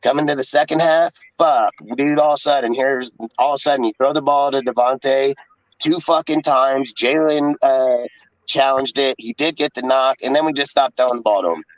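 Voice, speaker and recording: A man's voice: medium pitch, steady tone, moderate pace, dry recording. A man ranting profanely and in exasperation about a football game in casual sports talk. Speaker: podcast co-host. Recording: dull dry lo-fi sound.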